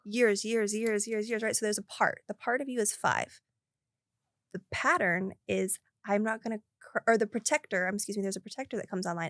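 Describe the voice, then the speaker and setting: Quick lively woman explaining stuff on a podcast, super dry close mic. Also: mid-range voice, dry recording. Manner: animated, acts out little voices while explaining. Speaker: podcast guest, breathwork coach. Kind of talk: casual interview talk.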